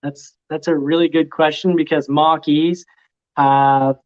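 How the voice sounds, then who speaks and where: A man joining a live chat as a guest car reviewer over a remote call, explaining things quickly and with confidence. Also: on the high side, little pitch movement. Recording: dull lo-fi call audio.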